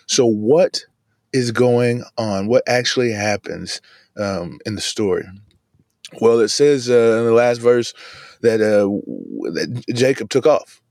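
A man hosting a casual devotional podcast from inside his van, talking in a relaxed, chatty way and often saying "man". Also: mid-range voice, slow, gravelly, no echo, clean studio sound. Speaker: podcast host. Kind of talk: casual devotional bible talk. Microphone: video camera in a van.

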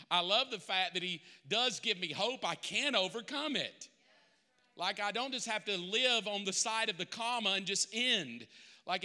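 A man's voice: sits high, bright, forceful tone, big-room sound. A middle-aged male pastor preaching a sermon, confessional and emotional, building to impassioned peaks.

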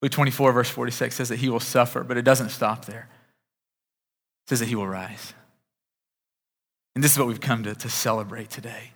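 Here the preacher talks a little fast with long pauses, his medium voice fairly bright and fairly even in intonation. Preaching in a church sanctuary, he keeps a conversational manner and frequently begins his sentences again, all under a large hall's long reverb.

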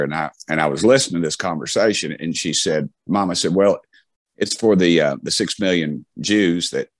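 A man's voice: low-pitched, dry recording. A middle-aged man with a Southern US accent, telling folksy stories as an interview guest, with many restarts and fillers. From Tennessee. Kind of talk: casual storytelling.

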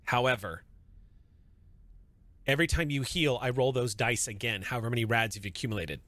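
A man narrating a tabletop sci-fi horror game as game master, explaining rules and scenes in a relaxed way with fillers and restarts. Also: medium pitch, dry recording.

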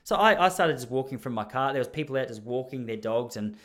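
A man's voice: mid-range voice, fast, fairly bright tone. A young man with an Australian accent telling a comic story in a rambling, self-mocking way, as a podcast host.

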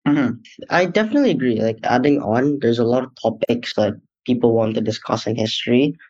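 A teenage boy with a mid-range, slightly mellow voice hosts a student podcast, talking a little fast. In this casual interview his phrasing is loose and searching, packed with "like" fillers, on dull lo-fi audio.

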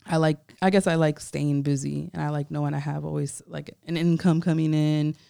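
A woman's voice: low-pitched, fairly quick, creaky, clear, resonant tone, dry recording. A young woman from Florida, a photographer, telling stories in a casual interview, full of "like" and acting out the voices of people she quotes. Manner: animated, acts out quoted voices, many "like" fillers. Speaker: photographer guest.

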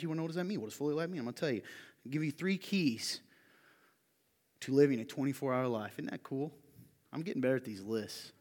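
Male pastor, mid-pitch, animated sermon delivery with personal anecdotes, long hall reverb. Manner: animated storytelling, shouting when quoting a friend.

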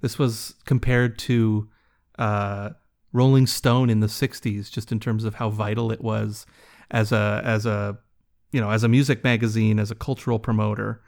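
A man's voice: on the low side, level tone, normal speed, creaky, a little mellow. Curious male podcast host. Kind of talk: casual interview.

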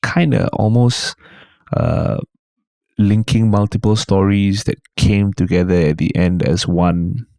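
Male comedian, 30s, Singaporean English, deep and gravelly, lively anecdotal delivery. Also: a little slow, no echo, studio quality. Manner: animated storyteller, slips into put-on voices. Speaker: guest comedian. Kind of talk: casual podcast chat.

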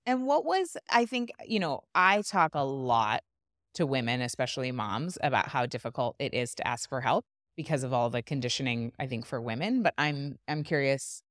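A woman's voice: very deep voice, lively intonation, moderate pace, a bit bright, no echo, studio quality. A woman hosting a podcast, asking her husband curious, probing questions in casual talk. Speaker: podcast host. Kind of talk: casual conversation.

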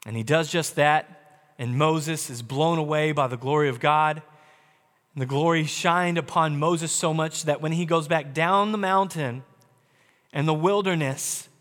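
A male pastor preaching a sermon with dramatic delivery, swinging between loud and hushed. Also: on the high side, in a large hall.

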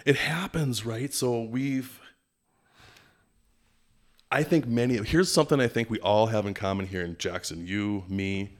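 A middle-aged man from Minnesota, a podcast guest telling stories in a casual, animated way and sometimes doing playful impressions. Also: fairly low pitch, measured pace, long pauses. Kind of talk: casual storytelling interview.

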